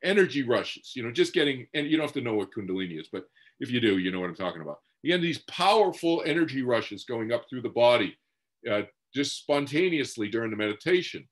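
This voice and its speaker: Man, meditation teacher, storytelling talk, conversational, lots of asides and restarts, mid pitch. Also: big pitch swings, quick pace. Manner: conversational, many restarts and "you know" asides, rising and dropping with the story. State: moved to tears at points. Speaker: speaker on past-life memories and meditation teacher.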